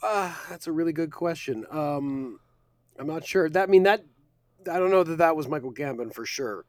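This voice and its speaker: Deadpan man co-hosting a comedy podcast. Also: on the high side, moderate pace, no echo. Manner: dry, deadpan, riffing jokes. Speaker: podcast co-host. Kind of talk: casual comedic podcast banter.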